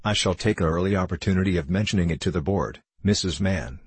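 A man's voice: low-pitched, fast, breathy edge, no room sound. A pompous, choleric parish beadle, as a male reader plays him. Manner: pompous, self-important oratory. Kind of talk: audiobook character voice.

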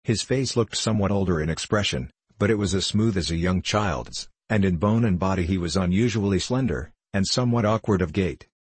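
A man narrates an old novel at a measured pace. His voice is very low and a touch husky. The recording is close and dry, with no room sound. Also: no room sound. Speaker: audiobook narrator. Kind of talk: scripted narration of a classic novel.

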